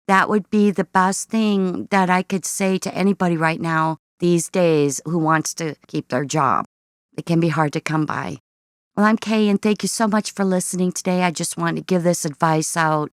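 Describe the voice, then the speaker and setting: A woman's voice: lowish voice, moderate pace, no echo, studio quality. A woman talking casually to viewers, giving earnest, slightly weary advice about work. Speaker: vlogger.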